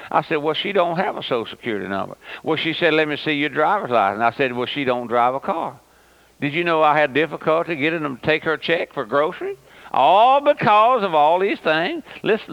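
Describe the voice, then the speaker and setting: A man's voice: a little high, fairly bright tone, no room sound. A man preaching an emphatic, folksy radio sermon, repeating words and calling listeners "my friend". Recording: dull, lo-fi radio broadcast.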